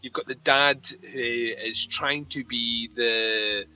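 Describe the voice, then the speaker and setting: A man's voice: medium pitch, steady tone, slow, sharp tone, dull audio, soft background music. A man in a casual podcast chat about a TV episode, earnest and given to repeating himself. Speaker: podcast co-host.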